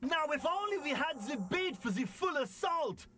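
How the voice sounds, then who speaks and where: A voice actor playing an excitable, shouty young male raver DJ in a video game. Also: high voice, moderate pace, a little hiss or hum. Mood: hyped.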